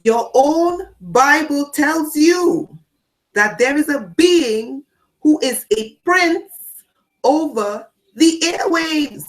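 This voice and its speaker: A woman giving a spiritual talk to her audience. She repeats phrases for emphasis and swings between loud declarations and low asides. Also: expressive, drawn-out words. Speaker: spiritual teacher.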